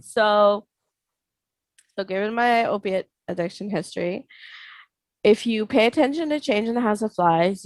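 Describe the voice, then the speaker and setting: A woman's voice: medium pitch, no echo, poor audio. A woman co-hosting a podcast in casual chat, rambling, giggling and making silly sound effects. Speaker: podcast co-host.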